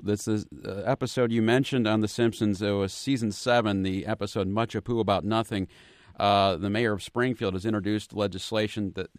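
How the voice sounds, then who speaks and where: A man hosting a radio interview, setting up a clip and talking with some halting restarts. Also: on the low side, no echo, clean studio sound. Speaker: radio host.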